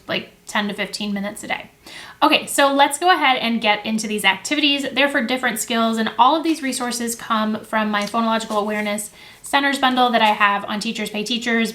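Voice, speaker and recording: With a slightly high, sharp voice, a young female teacher who hosts education videos explains classroom activities to the camera. Her manner is casual and friendly, peppered with "um," "like," and frequent self-corrections, and she's indoors at a table of materials with the camera close by.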